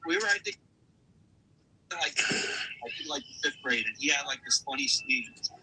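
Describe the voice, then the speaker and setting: A man casually telling funny stories in an online hangout, animated and laughing as he talks. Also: medium pitch, unhurried, vocal fry, husky, poor audio. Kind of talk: casual storytelling.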